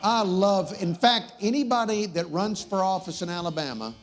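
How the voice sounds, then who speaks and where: A man's voice: high voice, moderate pace, background noise. A man hosting a comedic talk show, rambling and wisecracking as he gets sidetracked.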